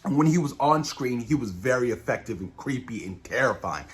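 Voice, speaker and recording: A man giving a casual spoiler review of a TV episode, enthusiastic and swearing now and then, dropping low at the ends of his phrases. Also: lively intonation, a little fast. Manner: enthusiastic, keeps saying "you guys", swears casually. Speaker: show reviewer.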